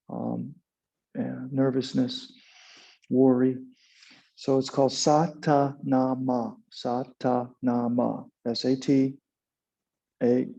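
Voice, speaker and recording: A man teaching a kundalini yoga class, giving calm, unhurried instructions and guiding a chanted mantra with a few fillers. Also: medium pitch, creaky. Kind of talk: guided yoga and meditation instruction. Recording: dull lo-fi sound.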